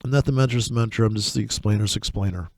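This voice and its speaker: A man giving casual, rambling commentary over trading charts, swearing often and breaking into excited, mocking asides. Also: on the low side, quick pace, dry recording. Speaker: forex trading vlogger.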